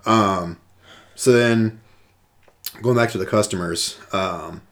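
Low-voiced man reminiscing casually. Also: slow, a bit bright. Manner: loose and chatty, with many fillers. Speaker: former movie theater employee. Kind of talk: casual chat.

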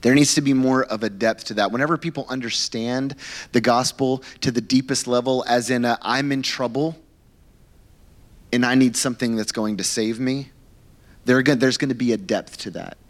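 A male pastor preaching a sermon in an animated, conversational storytelling manner, with frequent fillers and repeated words. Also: mid-range voice, normal speed. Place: church.

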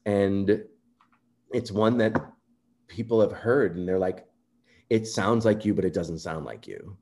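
Low, mellow-voiced man telling stories. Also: unhurried. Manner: earnest, animated storyteller who acts out quotes. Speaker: composer guest. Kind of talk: conversational interview storytelling.

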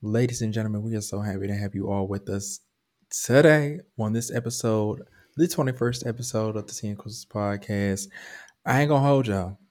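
A man co-hosting a podcast, slightly hoarse from a cold, talking. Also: fairly low pitch, fairly quick, a little mellow. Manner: playful, preacher-like flourishes. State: hoarse, under the weather. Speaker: podcast co-host. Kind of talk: casual chat.

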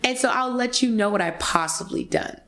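Brief: woman in her twenties, podcast guest, casual and animated storytelling, slight vocal fry. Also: a little high, fairly quick. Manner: animated, acts out quoted voices, addresses listeners as y'all.

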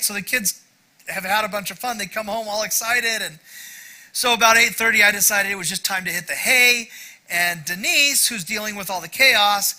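A man's voice: sits high, pushed and bright, poor audio. A middle-aged male pastor giving a sermon in a conversational, self-deprecating way, with frequent asides to the congregation.

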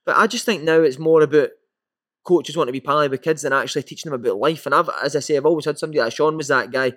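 A Scottish man telling a lively football anecdote in casual chat, swearing and acting out quotes. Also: a little high, racing, no room sound, clean studio sound. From Scotland. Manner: animated storyteller, swears freely, acts out quotes. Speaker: former footballer guest.

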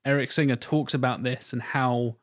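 A man's voice: mid-range voice, steady tone, moderate pace. A man hosting a podcast in casual chat, talking enthusiastically and rambling, often mimicking voices. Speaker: podcast host.

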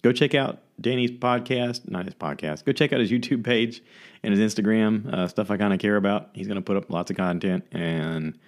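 Deep-voiced man rambling casually. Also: normal speed. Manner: rambling, full of fillers and restarts. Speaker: vlogger host. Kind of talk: casual solo talk reviewing movies. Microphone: camera mic.

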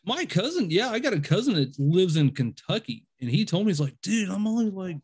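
Man, somewhat high voice, chatty skeptic spinning long, winding ghost anecdotes. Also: sing-song, brisk, a little mellow, slightly rough. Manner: rambling storyteller, acts out quoted dialogue; self-described skeptic and overthinker. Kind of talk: casual conversation.

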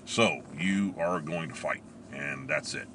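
A middle-aged man telling a story in a casual, animated way, laughing often and acting out what people said. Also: a bass voice, unhurried, a little hiss or hum. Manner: animated, laughs often, acts out quoted lines. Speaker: storyteller recalling police academy training.

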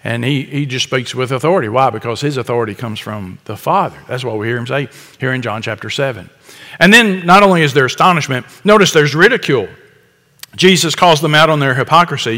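A man's voice: mid-range voice, lively intonation, a little fast, bright, forceful tone. Man preaching in an echoing hall. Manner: conversational preaching with chuckles and restarts. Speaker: pastor. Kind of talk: expository sermon.

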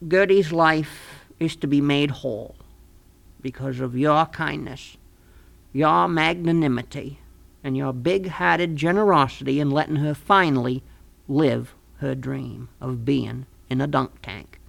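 A man's voice: on the high side, measured pace, creaky, a bit bright, full character voice. A man voicing a scheming small-town fellow in a comic radio play, talking in a folksy, wheedling, overly sweet way. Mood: schmoozing.

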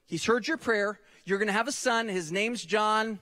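A man's voice: high voice, moderate pace, pushed and bright, in a large hall. A man voicing a stern male archangel delivering a message, inside a sermon. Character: powerful male archangel Gabriel, stern messenger.

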